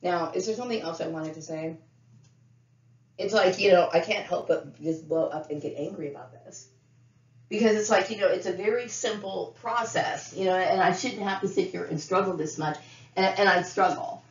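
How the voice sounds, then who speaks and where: A woman's voice: on the low side, moderate pace. A middle-aged woman giving an unscripted monologue to camera, talking bluntly, profanely and in circles. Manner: blunt, profane, repetitive ranting. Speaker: vlogger. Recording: roomy, dull lo-fi sound.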